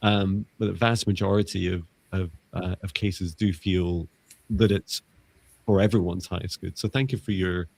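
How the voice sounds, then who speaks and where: A man's voice: low-pitched, fairly even intonation, moderate pace, creaky, darkish tone, slightly rough, dry recording. A man co-hosting a live spiritual stream, talking casually in a rambling way with lots of fillers and restarts, over a video call. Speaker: psychic mentor and co-host.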